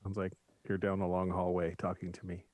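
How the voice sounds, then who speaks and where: Guest: man, low-pitched, dry humor, casual, echoey audio. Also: completely flat delivery, a little fast, a little mellow. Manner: dry, joking. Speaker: guest musician. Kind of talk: casual chat on a video call.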